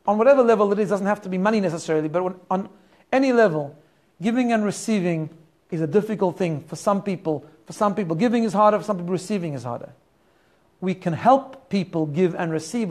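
A rabbi giving a weekly sermon, telling stories in an earnest and reflective way. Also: male voice, sits high, darkish tone.

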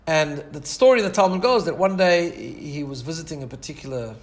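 Telling his sermon as one long, earnest story, this Torah teacher moves at a brisk clip. His voice is a bit higher than typical for a man, and he frequently restarts and repeats words.

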